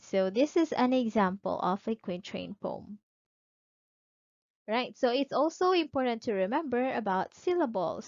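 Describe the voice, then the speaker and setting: A woman with a slightly mellow, higher-pitched voice teaches an online lesson, asking her students questions and then answering them herself. She reads examples carefully, stretching out the words. The recording is close, dull, and dry.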